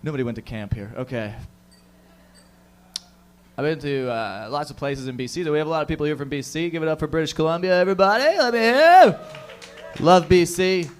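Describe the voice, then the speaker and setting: A brisk man with a voice on the high side hosts a stand-up comedy show before a live crowd. He's loose and profane, swearing freely as he banters with the audience and pumps them up.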